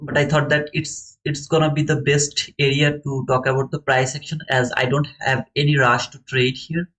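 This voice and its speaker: A man streaming live to viewers, thinking aloud in halting, repetitive phrases as he explains a trade. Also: mid-range voice, flat delivery, a bit bright, poor audio. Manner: talks to chat viewers by name. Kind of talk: live market commentary to viewers.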